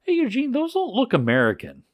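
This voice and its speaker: A man's voice: medium pitch, sing-song, unhurried, no echo, clean studio sound. A man voicing a curious, eager male TV journalist who fires off incredulous questions. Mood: amazed.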